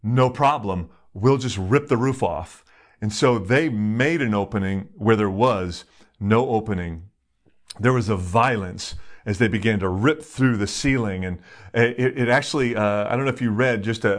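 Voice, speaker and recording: A man preaching a sermon in a conversational, emphatic way, telling stories with sudden jumps in pitch. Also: moderate pace. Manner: animated, emphatic storytelling with sudden rises in pitch; conversational, with fillers and restarts. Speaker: pastor.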